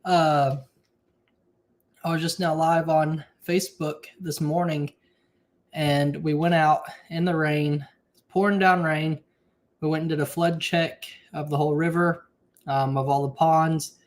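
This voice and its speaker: A man with a drawl hosting a casual homestead livestream from his kitchen, reading out viewer comments and chatting, sometimes keeping his voice low. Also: level tone, a little slow. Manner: chatty, reads viewer comments aloud, keeps voice low at times. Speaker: livestream host. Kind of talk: casual live-stream chat.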